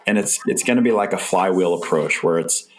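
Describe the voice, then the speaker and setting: A man's voice: deep voice, brisk. A man hosting a podcast interview, speaking in a conversational, encouraging way. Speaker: podcast host. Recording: noisy podcast recording.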